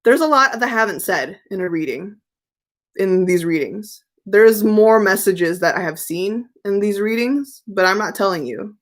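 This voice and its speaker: On her live stream about tarot, a young woman reads out viewer questions and answers them frankly, chatting loosely as though with friends. Her mid-range voice is animated and moves at normal speed; she comes across as chatty and candid.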